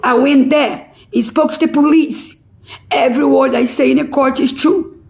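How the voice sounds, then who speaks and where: A middle-aged woman making an impassioned, pleading public appeal in halting non-native English. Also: sits high, steady tone, vocal fry, a little mellow, low-quality recording. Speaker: relative pleading a court case.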